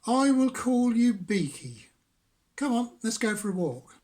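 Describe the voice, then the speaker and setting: Grandpa putting on a bouncy Devon tree frog. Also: male voice, very high voice, sing-song, unhurried, darkish tone, voice pushed up, exaggerated voice. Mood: cheerful. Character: friendly chatty male tree frog.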